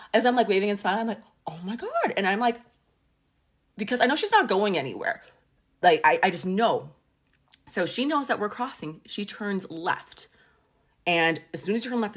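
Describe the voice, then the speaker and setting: Vlogger, woman in her thirties, low-pitched, casual rambling storyteller, lots of fillers. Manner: chatty, animated retelling with many "like"s.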